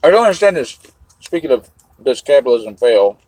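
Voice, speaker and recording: Husky man rambling on a livestream. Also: medium pitch, big pitch swings, fairly quick, a little mellow, dry recording, low-quality recording. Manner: rambling, swears casually, talks to chat while eating. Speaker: livestream host. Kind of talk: rambling live chat.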